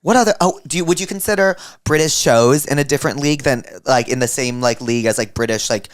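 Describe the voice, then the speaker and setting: A man's voice: mid-range voice, quick pace, no room sound, studio quality. A man hosting a casual chat, rambling with lots of "like" and eager questions. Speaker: host.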